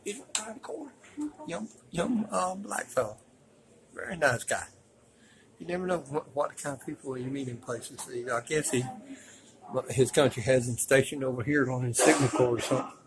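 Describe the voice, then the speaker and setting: A man narrating casually as he films his walk through a museum, rambling and folksy and quick to complain. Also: mid-range voice, background noise. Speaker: vlogger touring a museum. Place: indoor museum.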